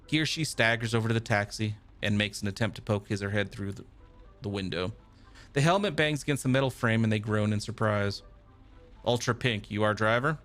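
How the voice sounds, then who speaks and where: A man's voice: fairly low pitch, fairly quick, a bit bright, soft background music. A male streamer playing a text game live, reacting casually and reading the narration aloud.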